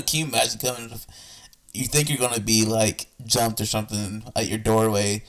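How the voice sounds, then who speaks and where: A man's voice: lowish voice, fairly even intonation, moderate pace, a bit bright, distant mic, poor audio. A man hosting a reaction video, talking casually and rambling with many restarts. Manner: rambling, full of fillers and restarts.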